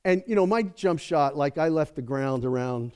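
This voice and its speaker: A man's voice: on the high side, animated, moderate pace, darkish tone, smooth. A middle-aged man preaching a sermon as a guest speaker, talking casually and then building to emphatic peaks, checking in with "okay?" and "right?".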